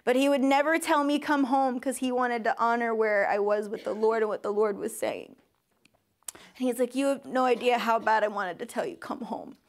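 A young woman sharing a personal testimony with a church congregation. She is emotional, near tears at times, and acts out the voices she quotes with big leaps in pitch. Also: fairly even intonation, normal speed. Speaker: speaker at a church service.

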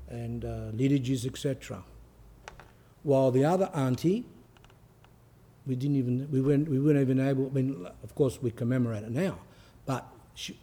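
A man's voice: mid-range voice, warm tone, slightly rough. A male Orthodox priest giving an informal spiritual talk. He speaks conversationally, with anecdotes and frequent fillers, and reads passages aloud with rising emphasis.

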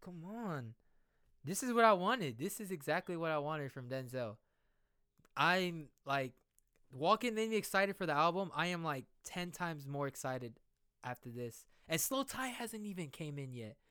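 A man reacting to a new song in a casual, excitable, slangy way, thinking out loud as he listens. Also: on the high side, moderate pace, smooth, no echo, studio quality. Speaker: music reaction vlogger. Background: music playing.

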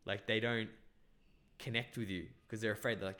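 A young man with a lowish voice talks in loose, rambling chat. His story wanders with fillers and constant swearing. He is originally from Bangladesh. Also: steady tone, a little fast, sharp tone. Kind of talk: casual chat.

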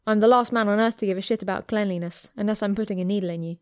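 A woman's voice: mid-range voice, fairly even intonation, rapid-fire, darkish tone, dry recording, studio quality, close to an everyday voice. A woman reading the lines of a cheeky, teasing young man in a story, in a light, playful way. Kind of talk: audiobook character reading.

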